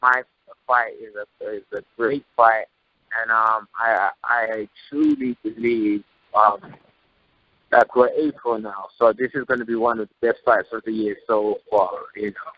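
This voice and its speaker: A man's voice: fairly low pitch, a little slow, dry recording. A man, a professional boxer, answering interview questions hesitantly and repeating himself. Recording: dull lo-fi dry recording.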